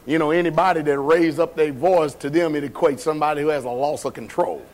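A man with a high-pitched voice preaches a sermon in a church. He talks in a folksy, everyday way and keeps asking the congregation questions. His delivery is call-and-response. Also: steady tone, fast talker, a little mellow. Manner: folksy, colloquial. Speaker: pastor. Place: church sanctuary.

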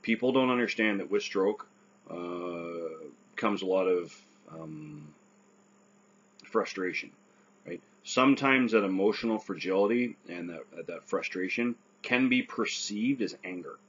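A man with a husky, fairly low voice talks earnestly about getting back to work, often asking "right?" as he goes. The recording is dull and lo-fi. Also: unhurried, fairly bright tone. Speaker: stroke survivor giving advice. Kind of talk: casual advice talk.

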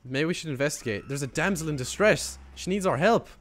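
A man's voice: fairly high pitch, lively intonation, brisk, a bit bright. An Irish man chatting during an online game, playfully mock-polite and teasing, swearing freely. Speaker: gamer and video host. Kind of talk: playful in-game roleplay chat.

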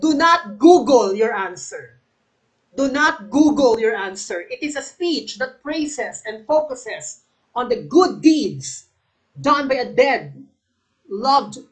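High slow-talking Filipino woman teacher. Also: expressive, rough recording. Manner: quizzing, repeats questions, calls on viewers by name; switches between English and Tagalog. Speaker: exam review teacher. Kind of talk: live online exam coaching.

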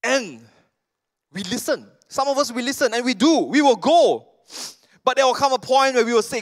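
A man with a Malaysian accent preaching a sermon as pastor, telling stories with lively, casual asides. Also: very high voice, normal speed. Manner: animated storytelling with casual asides.

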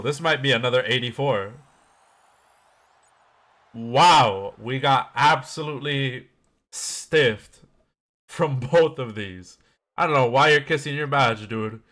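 With a sharp tone in a mid-range voice, a young man opens packs in a video game as a gaming YouTuber. He keeps up loose, chatty commentary, laughing a lot and teasing himself.

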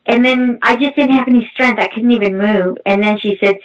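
A middle-aged woman giving a halting, emotional personal testimony as a guest, with many restarts. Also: mid-range voice, level tone. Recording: muffled distant mic.

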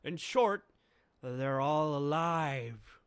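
A raised, lively voice for a bubbly young woman scientist, as a man reading panels aloud puts her on. She is quick and emotional, with a dry, close sound. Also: fairly high pitch, no echo. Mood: eager. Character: excitable young female scientist.

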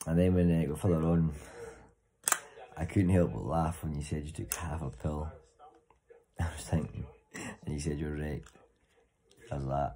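Guy rambling at the camera, swears a lot, deep mellow voice. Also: fairly even intonation, normal speed, gravelly, pauses often, rough recording. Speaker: vlogger. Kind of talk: casual chat to camera.

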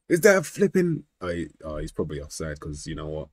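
A young man streaming a football manager game, excitable and slangy, yelling at the match and trash-talking his friend. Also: rumbling low, quick pace, breathy edge, dry recording. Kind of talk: casual gaming banter.

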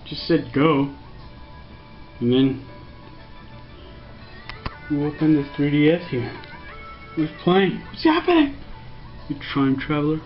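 A man's voice: fairly high pitch, steady tone, slow, pauses often. A man walking through a casual tech tutorial, rambling and joking, sometimes putting on mock voices for what the computer says. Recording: dull lo-fi home recording with faint music.

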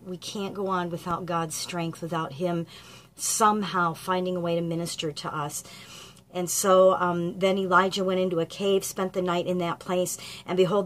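A woman speaks in a low, earnest voice, offering gentle devotional encouragement and pausing on soft ums. A faint background hiss sits under her words. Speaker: grief ministry speaker.

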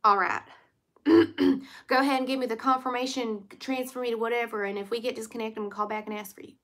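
A woman's voice: a little high, fairly even intonation, brisk, lightly acted. A woman doing a ditzy, rambling, flirty caller. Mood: flirty scatterbrained. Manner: rambling, folksy bad grammar, playful teasing. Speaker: scambaiting prank caller. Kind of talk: prank phone call role-play.

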